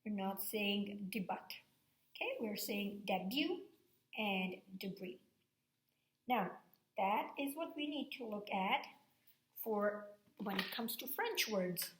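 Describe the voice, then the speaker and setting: A woman teacher giving a recorded reading lesson to fourth graders, explaining step by step and checking in with "okay?". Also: mid-range voice. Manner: slow, patient, explaining step by step with frequent "okay?". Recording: echoey room sound.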